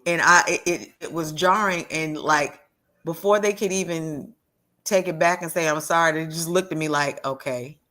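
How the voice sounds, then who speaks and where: A woman telling a heartfelt personal story as a guest, earnest and halting, often restarting and repeating words. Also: sits low, steady tone, pushed and bright. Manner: acts out quoted voices of others in her story.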